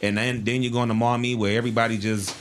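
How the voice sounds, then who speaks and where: A man's voice: mid-range voice, flat delivery, fast talker, slight background noise. A young man co-hosting a morning talk show from a studio, speaking openly and conversationally with lots of fillers. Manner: open, conversational, trailing fillers. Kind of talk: casual candid talk. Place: podcast studio.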